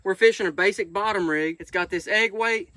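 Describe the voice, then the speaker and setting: A high-pitched man with a drawl talks to the camera outdoors beside a pond. He chats casually through a fishing vlog and turns gushing and excitable whenever something surprises him. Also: fairly quick. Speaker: vlogger.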